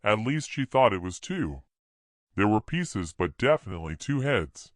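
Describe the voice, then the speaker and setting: Man, audiobook narrator, lively pitch, dry close sound. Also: normal speed, dry recording.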